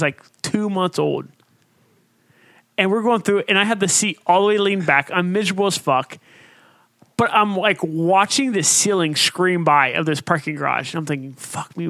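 A man telling a story in casual chat, profane and animated, with shouted outbursts. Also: high-pitched, moderate pace, vocal fry, no echo. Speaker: podcast co-host.

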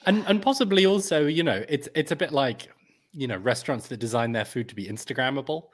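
A man's voice: mid-range voice, quick pace. A man chatting on a podcast, thoughtful, with dry teasing remarks. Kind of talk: casual chat.

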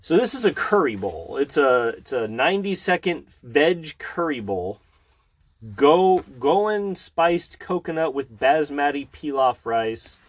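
A man's voice: on the high side, big pitch swings, unhurried, no echo. A man hosting a casual podcast, teasing and wry as he chats. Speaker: podcast host. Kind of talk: casual chat. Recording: faint background hiss.

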